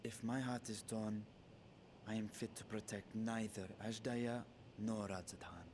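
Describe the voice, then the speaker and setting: A man's voice: on the low side, fairly even intonation, background noise, close to an everyday voice. A man voicing a solemn, formal male ruler who is secretly a dragon, in a game cutscene with music behind. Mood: troubled. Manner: measured, grave, formal.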